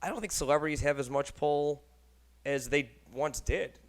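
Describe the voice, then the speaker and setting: Rambling, animated man hosting a podcast. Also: fairly high pitch, moderate pace. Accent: Texan. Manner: loose, rambling and animated, swears casually. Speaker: podcast host. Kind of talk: casual podcast chat.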